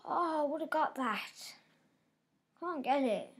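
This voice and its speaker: A woman giving live gameplay commentary, reacting aloud with frequent exclamations and dropping to soft mutters between outbursts. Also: high voice, lively intonation, slow pace. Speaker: gamer.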